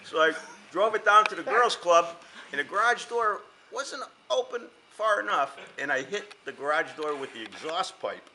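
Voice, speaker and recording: Man, former player, lively anecdote, fairly high voice, noisy recording. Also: normal speed. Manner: lively storyteller, laughing at himself. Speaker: former student athlete. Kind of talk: casual anecdote at a gathering.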